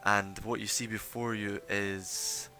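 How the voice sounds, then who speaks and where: A man narrating as game master of a tabletop game, casual and rambling, with filler pauses. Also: on the low side, flat delivery, pushed and bright, a little hiss or hum.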